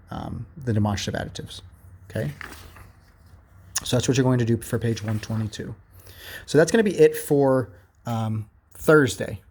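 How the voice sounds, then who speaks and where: A man teaching grammar to his class, reading workbook examples aloud and then walking through them in a patient, repetitive way. His pitch sits at an ordinary middle height for a man, and he keeps checking in with "okay?" and "all right?". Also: darkish tone.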